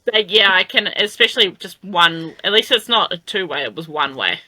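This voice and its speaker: A woman's voice: on the low side, lively intonation, moderate pace, pushed and bright, no echo, low-quality recording. A woman with a New Zealand accent co-hosting a podcast, chatting playfully and laughing easily. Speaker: podcast co-host. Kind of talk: casual chat.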